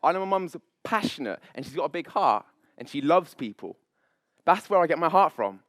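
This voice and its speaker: A man, a public speaking coach, leading a live seminar on stage with high energy, playful banter and frequent laughs. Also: very animated, fairly quick, fairly bright tone, no room sound, clean studio sound. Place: event stage before an audience.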